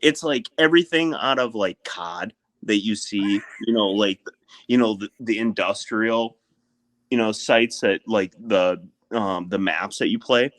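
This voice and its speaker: Slow, rambling young man telling a story. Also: on the low side, fairly bright tone, dry recording. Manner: rambling, laughs through his story, filler-heavy. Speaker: podcast co-host. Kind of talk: casual storytelling chat.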